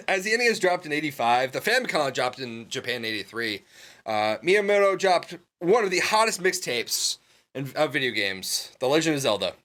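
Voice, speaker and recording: A man co-hosting a casual podcast, animated and laughing often, with plenty of ums and uhs. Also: mid-range voice, normal speed. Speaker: podcast co-host.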